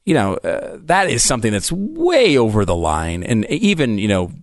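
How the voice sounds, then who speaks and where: A man co-hosting a talk radio show, arguing his points quickly with a wry edge. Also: mid-range voice, huge pitch swings. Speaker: radio co-host. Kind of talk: casual political talk radio banter.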